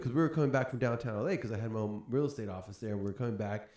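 A man hosting a podcast, telling a story in a casual, animated way and laughing often. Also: lowish voice, rapid-fire. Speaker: podcast host. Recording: roomy echo.

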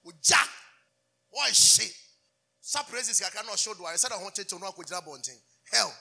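A man's voice: sits high, lively intonation, unhurried, gravelly, sharp tone, breathy edge. A man preaching a fervent sermon, asking the congregation call-and-response questions and switching between English and Twi. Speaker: pastor.

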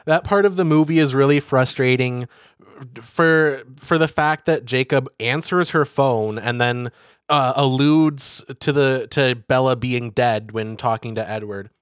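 Casual male talker, animated riffing, dry close sound, mid pitch. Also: clear, resonant tone, no echo. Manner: animated, riffing with quick put-on voices. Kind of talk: casual podcast chat.

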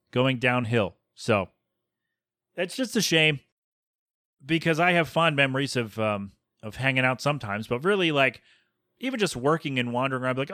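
A man's voice: medium pitch, a bit bright, no room sound, studio quality. A man in his thirties hosting a solo podcast, rambling casually with chatty, exasperated asides. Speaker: podcast host.

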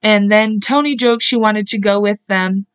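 A woman's voice: medium pitch, steady tone, moderate pace, clear, resonant tone. Casting note: woman podcast host, loose true-crime storytelling, swears, self-corrects, muffled lo-fi sound. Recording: dull lo-fi podcast audio.

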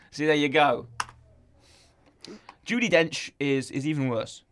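A man chatting casually about a film, animated and jokey, acting out scenes. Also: a little high, a little slow, pauses often. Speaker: film reviewer. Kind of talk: casual chat.

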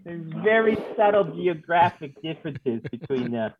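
A man voicing an evasive traveler from back east with a Massachusetts accent, speaking haltingly. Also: on the high side, big pitch swings. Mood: cagey. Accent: put-on Massachusetts. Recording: tinny noisy phone-like line.

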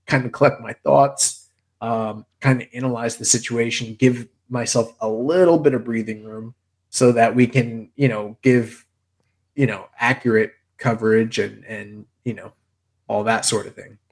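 A man's voice: medium pitch, steady tone, normal speed. A young man co-hosting a podcast in casual chat, rambling through stories, laughing often and swearing freely. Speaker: podcast co-host.

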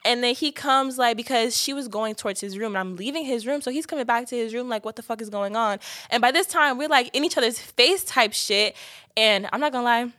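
A woman's voice: on the high side, brisk. A young woman tells a dramatic, profane story in casual storytime style. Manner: dramatic, profane, animated, slips into shrieking quotes. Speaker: vlogger.

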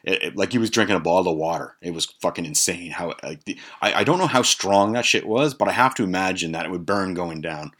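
A man's voice: sits low, fast talker, a bit bright, husky. A man in his forties hosting a podcast, telling a rambling, profane, amused story. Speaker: podcast host. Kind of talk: casual storytelling.

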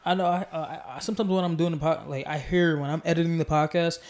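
A man's voice: on the high side, fairly even intonation, fast talker. A man hosting a casual podcast, talking in a rambling way with many fillers and restarts. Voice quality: mellow. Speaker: podcast host.

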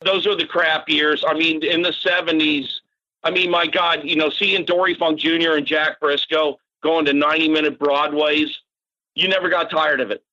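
An older man, a podcast guest, telling casual animated stories with frequent fillers and mild swearing. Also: a little high, normal speed, dull audio. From Massachusetts, grew up in Florida. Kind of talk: casual storytelling.

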